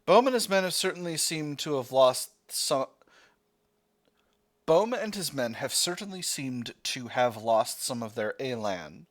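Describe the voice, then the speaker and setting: A man's voice: mid-range voice, lively intonation, unhurried. A man reading a text adventure game aloud as its player, breaking off into rambling, self-correcting asides.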